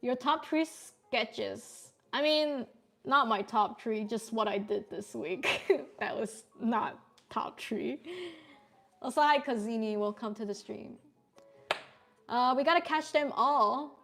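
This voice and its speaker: A young woman with a slightly high voice chats loosely with her viewers as she sketches. She is relaxed and quick to laugh, and swears freely. Soft music plays faintly in the background of her home setup. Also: creaky. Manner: laid-back, chatty, swears and laughs often. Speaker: artist streamer. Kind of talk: casual live-stream chat while drawing.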